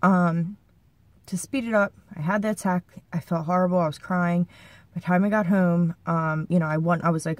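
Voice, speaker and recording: A woman's voice: fairly low pitch, steady tone, a little fast, a little mellow, no room sound. Anxious, rambling young woman vlogger. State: shaken, near tears. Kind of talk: personal confessional vlog.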